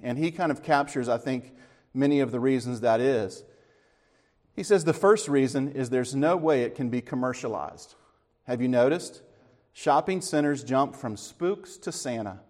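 A middle-aged man gives a casual church talk in a folksy, joking manner. His voice sits at an ordinary male pitch, and a long reverb trails each phrase as it carries through a large hall. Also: moderate pace. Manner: folksy, tells corny jokes with relaxed asides. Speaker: church speaker.

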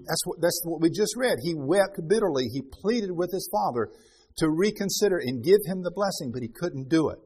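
A man's voice: a little high, expressive, normal speed, a little mellow, slightly rough. A man preaching a Bible-teaching sermon, reading scripture aloud with rising emphasis and then explaining it in loose, restarting talk.

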